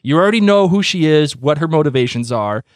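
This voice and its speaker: Man, podcast co-host, casual animated chat, stumbles and restarts often, dry close sound. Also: fairly high pitch, brisk, dry recording.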